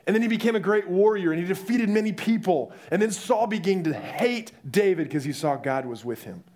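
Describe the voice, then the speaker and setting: A young man preaching a sermon, telling the story in a lively way and acting out the voices. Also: sits high, a little fast.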